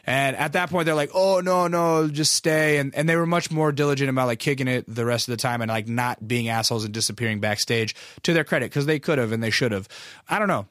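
A man's voice: medium pitch, fast talker, a bit bright, dry recording, studio quality. A man telling a long story in casual, rambling speech, full of profanity and self-deprecating asides.

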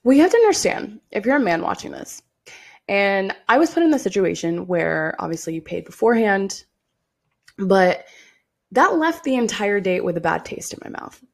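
A woman in her twenties hosting a casual solo podcast, hoarse and raspy from losing her voice, talking bluntly and swearing freely. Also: mid-range voice, big pitch swings, normal speed. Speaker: podcast host.

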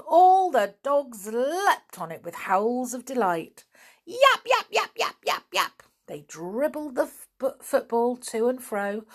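A woman reading a children's book aloud, expressive and animated, with chatty asides. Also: a little high. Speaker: storyteller.

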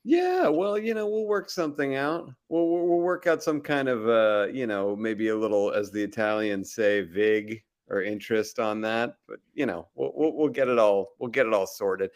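A man's voice: fairly low pitch, expressive, normal speed, hardly any pauses. A man, a TV comedy writer, chatting as a guest with dry, wry humor. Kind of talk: casual chat.

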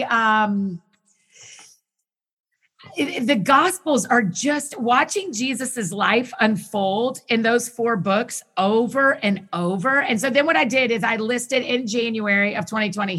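A woman talking as a guest in a casual conversation, enthusiastic and quick in bursts, often restarting her sentences. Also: a little high, fairly bright tone. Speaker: podcast guest who hosts her own show.

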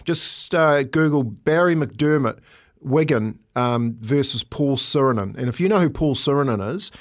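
A middle-aged man co-hosting a breakfast radio show, chatty and quick to laugh as he tells stories. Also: mid-range voice, expressive. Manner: chatty, laughs often, storytelling. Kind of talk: casual radio banter.

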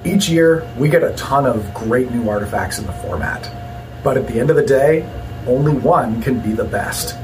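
A man reading out award nominees and the winner in a plain, measured delivery. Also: mid-range voice. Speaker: award presenter. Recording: distant mic with faint room hum.

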